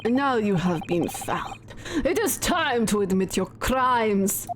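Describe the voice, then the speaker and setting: Brief: woman plays a threatening male guard in a game, hammy Russian accent, slow interrogating delivery. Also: medium pitch, animated, background noise. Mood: menacing.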